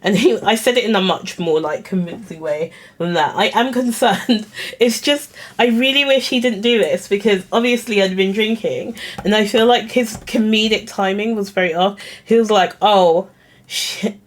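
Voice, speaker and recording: A woman's voice: mid-range voice, moderate pace. A young woman, telling a story casually to camera in a chatty, giggly, self-conscious way. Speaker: vlogger.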